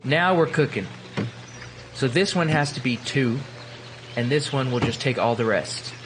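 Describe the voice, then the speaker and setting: Animated young man narrating his gameplay. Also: mid-range voice, measured pace, noisy background. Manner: chatty, playful, jumps between excited and mumbling. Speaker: gaming video host. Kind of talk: casual gameplay commentary.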